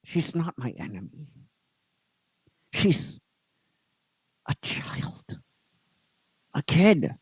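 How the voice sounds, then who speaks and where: A man voicing a battle-worn male gold titan warrior, speaking low, slow and heavy. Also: big pitch swings, darkish tone, slightly rough, dry recording, heavily acted, rough recording. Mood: remorseful.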